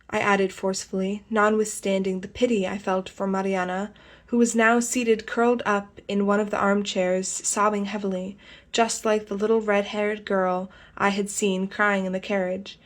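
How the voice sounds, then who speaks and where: Woman, audiobook narrator, measured, deliberate, first-person storytelling. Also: medium pitch, flat delivery. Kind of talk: scripted narration of a novel.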